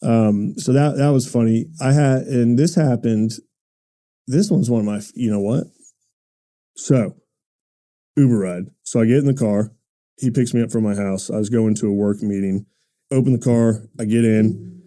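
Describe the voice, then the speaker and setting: A man hosting a podcast, telling comic stories in an animated, self-deprecating way and laughing often. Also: medium pitch, normal speed, pauses often. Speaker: podcast host. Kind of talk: comic storytelling monologue.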